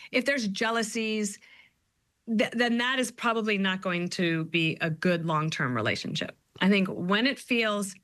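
A woman in her fifties, a guest author, telling stories in an animated, quick way during an interview. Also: mid-range voice, dry recording, clean studio sound. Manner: quick, animated storytelling with quoted asides. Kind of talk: interview conversation.

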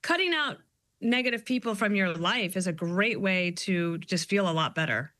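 A middle-aged woman, a guest author, talking in an animated, storytelling way. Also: mid-range voice, dry recording. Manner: animated storyteller, quick asides. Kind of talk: conversational interview.

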